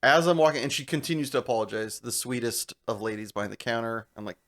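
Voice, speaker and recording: A young man co-hosting a podcast, telling a long story in casual chat, animated and laughing as he goes. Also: medium pitch, fast. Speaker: podcast co-host.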